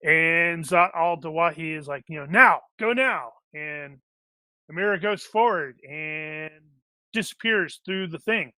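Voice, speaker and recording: Game master, male, rambling narration, tense bright tone, dry close mic. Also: fairly high pitch, steady tone, a little slow, smooth, no echo. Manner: rambling, many fillers and restarts.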